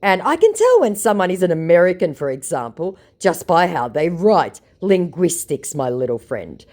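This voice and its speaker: A sarcastic woman telling a storytime vlog. Her voice sits fairly low but moves a lot in pitch. She delivers her lines in a mocking, dry-humoured way. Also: big pitch swings, normal speed, darkish tone. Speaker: vlogger. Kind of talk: storytime reading chat messages.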